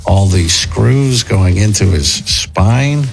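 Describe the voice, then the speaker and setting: A man's voice: lowish voice, animated, slow, vocal fry, soft background music, low-quality recording. A man hosting a casual commentary chat, talking in a conversational way with restarts as he reacts and thinks aloud. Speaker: host.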